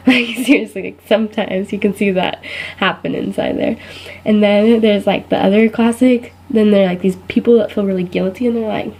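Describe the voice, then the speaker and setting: A young woman, a college student, telling a casual comedic story to camera, giggling and putting on higher voices for the people she quotes. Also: fairly even intonation, fairly quick, a little mellow, rough recording. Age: young adult.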